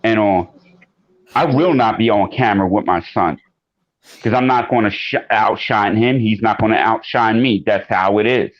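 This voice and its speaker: A man's voice: fairly low pitch, moderate pace. Emphatic man calling in, lo-fi line. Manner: earnest, emphatic, gets loud. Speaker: caller. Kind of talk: casual call-in chat.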